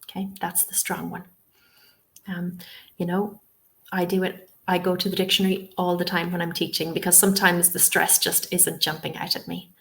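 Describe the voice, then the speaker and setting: A woman's voice: fairly low pitch, little pitch movement, normal speed, gravelly, fairly bright tone. Reassuring woman teaching a webinar. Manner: reassuring, frequent "um" and "okay?" check-ins. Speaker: TEFL trainer. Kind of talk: webinar lesson.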